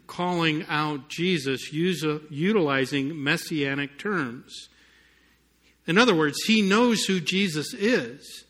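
A man's voice: fairly high pitch, fairly bright tone. A man preaching a sermon to a congregation, telling a story and building to emphatic points, with touches of sarcasm. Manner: storytelling, rising to emphatic peaks, some sarcasm. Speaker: pastor.

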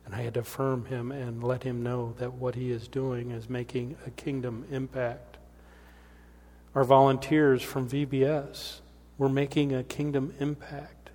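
A man's voice: medium pitch, level tone, unhurried, a little mellow. A middle-aged male pastor delivering a sermon with storytelling and emphatic rises, in a church sanctuary. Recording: long reverb of a church hall.

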